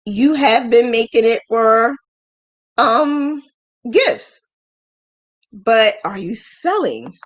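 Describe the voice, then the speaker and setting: A woman with a fairly high voice talks frankly and emotionally to her viewers as a business mentor, scolding with affection. She tells stories animatedly, throwing her voice up high whenever she acts out other people. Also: very slow, pauses often. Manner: animated storytelling, acting out quoted voices with big pitch jumps. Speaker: business mentor and crochet channel host. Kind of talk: live-stream mentoring talk.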